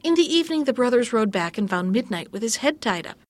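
A woman narrating a fairy tale in a measured, gently expressive storytelling voice. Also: a little high, no room sound.

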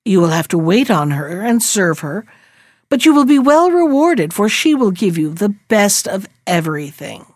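A woman's voice: mid-range voice, sing-song, moderate pace, darkish tone, dry recording, clean studio sound. A woman voicing a cruel stepmother who speaks in a falsely sweet, coaxing way in a fairy tale.

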